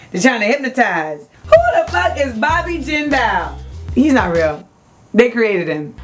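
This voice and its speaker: A young adult woman hosting a web show, giving brash, profane, animated comedic commentary. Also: medium pitch.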